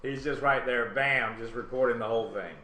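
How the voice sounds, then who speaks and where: A man with a Southern US accent hosting a live web talk show, telling a story in a casual, animated way and acting out other people's lines. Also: medium pitch, brisk. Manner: animated, acts out quotes in other voices. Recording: roomy webcam stream with faint hiss.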